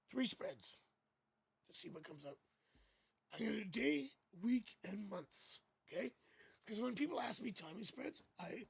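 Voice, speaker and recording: A man hosts a live tarot stream in a rambling, joking way. His voice is raspy and full of fry, and his pitch swings a lot. The sound is dry and close. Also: a bit bright, no room sound. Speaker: psychic tarot reader hosting a live stream. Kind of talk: casual chat and tarot reading. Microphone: new studio microphone.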